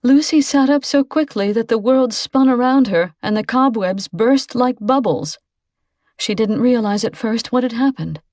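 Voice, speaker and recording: Female audiobook narrator, slightly high voice, measured and expressive, dry close sound. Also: no echo. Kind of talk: scripted narration.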